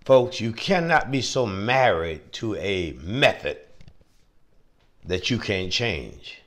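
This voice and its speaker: Delivering his sermon slowly, a preacher still swings his pitch in lively arcs. He leans on repetition and surging, emphatic highs to make each point land.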